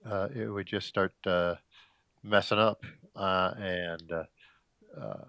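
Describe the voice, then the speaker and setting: A middle-aged man rambling casually on a cheap wireless gaming headset, halting with filler sounds, restarts and frequent throat clearing, slightly out of breath. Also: sits low, steady tone, fairly bright tone, dry recording. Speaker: vlogger.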